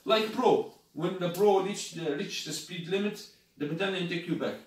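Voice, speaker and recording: This high-voiced man, a native Arabic speaker, reviews a scooter in a casual unboxing demo, using non-native English at normal speed and frequently checking in with "you got me?" The recording has an echoey room sound and faint background noise.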